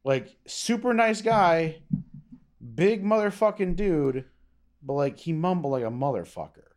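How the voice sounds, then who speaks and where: A man's voice: fairly high pitch, lively intonation, a little slow, a little mellow. A young man co-hosting a podcast in casual chat, rambling with lots of fillers and swearing. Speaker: podcast co-host.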